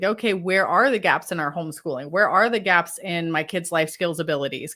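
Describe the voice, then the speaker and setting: Woman, parenting coach guest, upbeat casual talk, bright forceful tone, middle pitch. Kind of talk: conversational interview.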